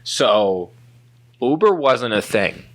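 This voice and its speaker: A man's voice: mid-range voice, very animated, takes it slowly. A man hosting a casual chat, dropping dry wisecracking asides. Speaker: podcast host.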